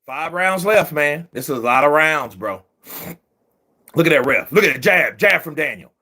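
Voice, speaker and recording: Watching a boxing match, this fairly high-voiced man delivers excitable, profanity-laden live commentary at normal speed, frequently yelling at the referee.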